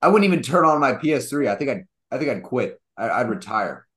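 A young man co-hosting a casual sports podcast, mocking and animated, acting out quotes as he rants. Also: mid-range voice, quick pace. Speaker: podcast co-host.

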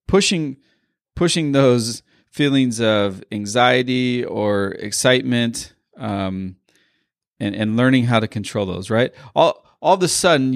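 A man's voice: medium pitch, gravelly, no echo, studio quality. A man leading a sales training session on a group call, rambling and often checking in with "right?". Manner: rambling, repeats words, asks "right?" a lot.

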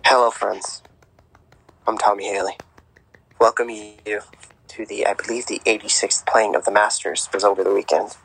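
A man voicing a hushed golf announcer in a whispered role-play. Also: on the low side, fairly even intonation, moderate pace, vocal fry, pauses often, husky, exaggerated voice, rough recording. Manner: soft, hushed and solemn.

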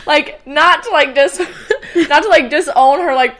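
A woman's voice: high-pitched, measured pace, a bit bright. A young woman co-hosting a casual chat podcast, teasing and telling stories. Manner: teasing, storytelling. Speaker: podcast co-host.

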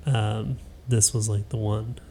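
Very low-voiced, gravelly young woman. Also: fairly even intonation, takes it slowly, dark tone, slight background noise. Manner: easygoing, teasing, laughs often. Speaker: podcast co-host. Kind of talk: casual chat.

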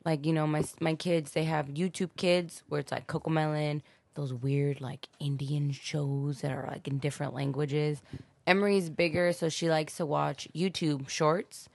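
A woman's voice: sits low, fairly even intonation, moderate pace, vocal fry, darkish tone, dry recording. A woman in her twenties, a podcast guest chatting candidly, swearing freely and acting out what people said. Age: 20s. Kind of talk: casual chat.

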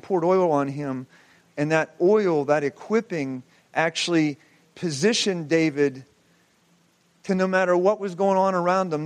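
A man in his forties preaching, telling a personal testimony with impassioned storytelling and rhetorical questions. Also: high-pitched.

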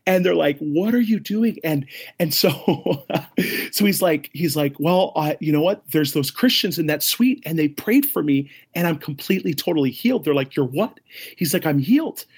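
Husky-voiced man telling a lively story. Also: on the high side, moderate pace. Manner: animated, acts out quoted voices, laughs often. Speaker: ministry leader, interview guest. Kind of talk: excited storytelling in an interview.

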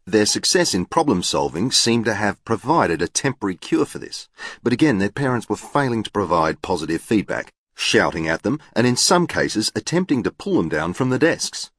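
A man narrates an audiobook with a deep voice in a formal, exact and literal manner. His delivery rises and falls in a lively way and sounds close and dry. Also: moderate pace, dry recording. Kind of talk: scripted narration.

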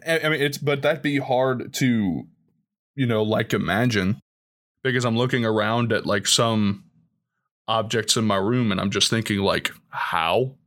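A man's voice: medium pitch, normal speed, fairly bright tone. A young man co-hosting a casual podcast, reading rules aloud and adding jokey asides. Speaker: podcast co-host. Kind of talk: casual chat.

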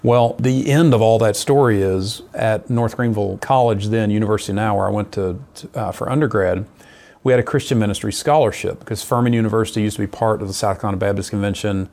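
A middle-aged man with a gravelly, fry-edged voice that sits on the low side. He recounts his calling as a missionary in an earnest, lively storytelling manner. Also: fast talker. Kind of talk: personal testimony in conversation.

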